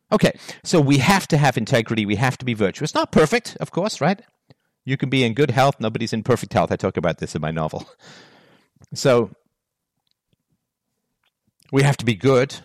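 A man delivers a solo philosophy monologue, firing off one rhetorical question after another. His voice rises and falls across a wide, lively range. The sound is close and dry, with no room around it. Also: medium pitch, normal speed, pauses often, no room sound. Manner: rhetorical questions, emphatic and animated. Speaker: philosophy talk host.

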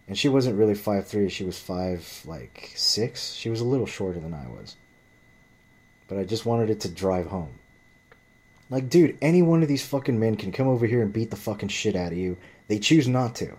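A man's voice: on the low side, expressive, moderate pace, darkish tone, husky. A man telling a story in a ranting vlog monologue, blunt and profane, often rambling and restarting his sentences. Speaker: vlogger.

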